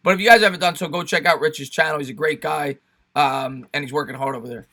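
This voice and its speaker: A man's voice: fairly high pitch, fast, sharp tone. A young man with a New York accent hosting a casual sports live stream, chatting with viewers and thanking them by name.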